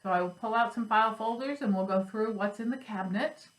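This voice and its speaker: A woman's voice: on the high side, quick pace, roomy sound, poor audio. A woman chatting casually at home about her cross stitch and craft supplies, rambling and joking at herself. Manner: chatty, rambling, self-deprecating. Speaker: flosstube host.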